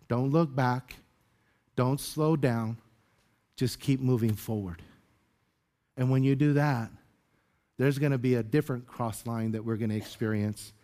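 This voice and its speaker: A man's voice: medium pitch, mellow. A male pastor giving a conversational sermon, telling a personal story in an informal manner and addressing listeners as beloved.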